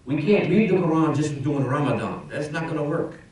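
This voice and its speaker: A man's voice: a little high, a little fast, a little mellow, far from the mic. A man in his role as imam, giving a Friday sermon in a conversational preaching manner with rhetorical questions, his voice rising and dropping. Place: mosque prayer hall. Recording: very echoey mosque hall, speaker off-mic.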